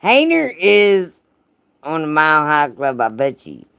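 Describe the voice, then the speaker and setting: A woman's voice: low-pitched, sing-song, unhurried, creaky, a bit bright, clean tone, no echo. A woman hosting a livestream, reading a racy story aloud and breaking off to tease her chat with profane jokes and frequent laughter. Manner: profane, teasing, laughs often, talks to chat by name. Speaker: livestream host.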